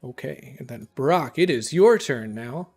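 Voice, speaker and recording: A man narrating as dungeon master, lively and quick to laugh. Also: medium pitch, husky. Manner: laughing often, animated narration. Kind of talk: narrating a tabletop game.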